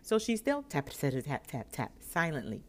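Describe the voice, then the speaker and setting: A woman vlogger telling a personal story in an animated, expressive way, acting out the voices of the people in it and laughing often. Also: low-pitched, normal speed.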